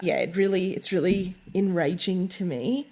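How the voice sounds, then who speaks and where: A woman's voice: fairly low pitch, moderate pace, darkish tone. A woman co-hosting a podcast, ranting in casual chat, swearing freely and often restarting her sentences. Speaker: podcast co-host.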